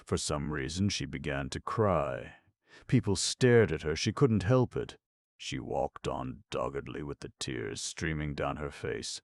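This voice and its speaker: A man narrating an audiobook in a steady, measured reading. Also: very deep voice, vocal fry, dry recording, clean studio sound.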